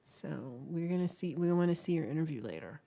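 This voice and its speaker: Hosting a casual livestream chat, a woman with a low, mellow voice talks straight to her viewers, playful and giggly, sometimes slipping into whispers. She's expressive and speaks a little fast.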